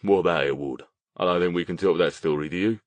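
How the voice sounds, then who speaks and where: A man's voice: low-pitched, fast, no echo, lightly acted. A man voicing a boisterous, gossipy male friend, full of jokes. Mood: chummy. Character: boisterous male mate, jokey and loud.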